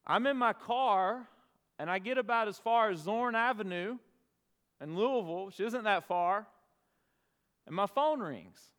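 Pastor, male, smooth clear voice, earnest storytelling sermon with pauses, big reverberant room. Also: high voice, animated, a bit bright. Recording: long reverb of a large hall.

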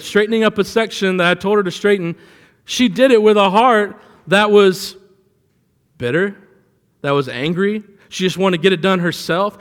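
A man's voice: high-pitched, big-room sound. A man preaching a sermon in a conversational way, telling a personal story and rising for emphasis. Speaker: pastor.

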